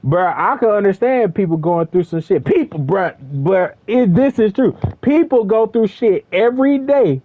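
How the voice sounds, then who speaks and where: Young male host, casual profane storyteller, higher pitch, dry phone-quality audio. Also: normal speed, few pauses, dry recording. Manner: profane, rambling, animated with laughs. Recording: tinny phone-like dry recording.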